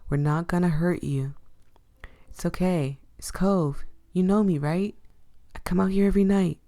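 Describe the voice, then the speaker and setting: A woman's voice: on the low side, moderate pace, mellow, lightly acted. A woman voicing a grumpy, brooding young male ghost-catcher in a visual novel, curt and dry. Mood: somber.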